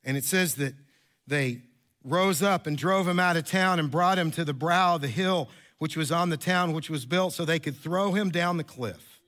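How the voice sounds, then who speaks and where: Bright-voiced man joking through a sermon. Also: fairly high pitch, normal speed. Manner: chatty, joking storyteller with many restarts. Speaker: pastor.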